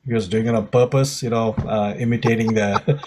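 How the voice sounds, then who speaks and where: A man from Malaysia co-hosting a podcast, talking in a relaxed, chatty way and laughing often. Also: lowish voice, fairly quick, background noise. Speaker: podcast co-host. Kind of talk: casual chat.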